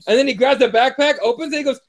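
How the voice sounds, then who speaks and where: A man hosting a casual talk show, laid-back and chatty as he retells events and reads comments aloud. His voice is notably high for a man, and he swears freely. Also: racing. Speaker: podcast host.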